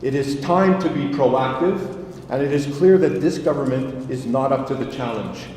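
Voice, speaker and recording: A man's voice: mid-range voice, moderate pace, darkish tone. Older man speaking in an echoey hall. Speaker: election candidate. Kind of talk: formal debate opening statement. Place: synagogue hall with audience. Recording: echoey hall, distant mic, faint noise.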